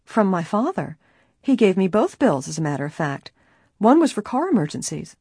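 A woman reading an audiobook, voicing a calm, earnest teenage girl detective. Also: medium pitch, normal speed, breathy edge, no room sound, studio quality, exaggerated voice. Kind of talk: audiobook character voice.

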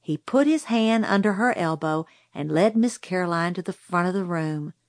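A woman narrating a novel aloud in a measured storytelling manner on a close microphone. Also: lowish voice, animated, no echo. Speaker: audiobook narrator. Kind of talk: scripted narration.

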